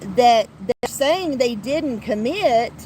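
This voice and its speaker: A woman's voice: a little high, animated, slow pace, mellow, a little hiss or hum, low-quality recording. A woman hosting a podcast, talking in a blunt, heated way with frequent restarts and some swearing. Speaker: podcast host. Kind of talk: casual commentary podcast.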